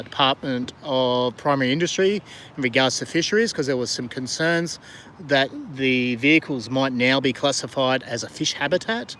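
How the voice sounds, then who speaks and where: A man's voice: mid-range voice, fairly bright tone, slight background noise. A middle-aged Australian man live-streaming from a kayak on a river, chatting casually and rambling with fillers as he greets viewers. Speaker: vlogger and diver. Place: outdoors on a river kayak in the rain.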